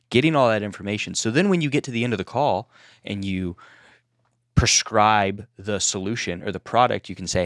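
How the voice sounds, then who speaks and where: A man's voice: fairly low pitch, brisk, fairly bright tone, dry recording, studio quality. A man co-hosting a sales podcast in casual chat, wry, adding jokes and examples.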